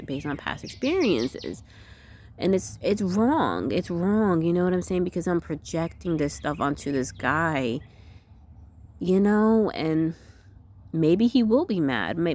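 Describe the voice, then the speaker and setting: Candid low-voiced woman vlogging. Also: slight background noise. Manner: candid, self-questioning, says "you know what I'm saying" often. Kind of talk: reflective personal vlog monologue.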